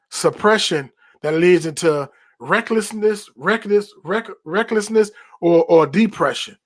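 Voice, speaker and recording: A man hosting a podcast, talking in an emphatic, repetitive, preacherly cadence. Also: high-pitched. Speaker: podcast host. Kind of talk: preaching-style podcast monologue.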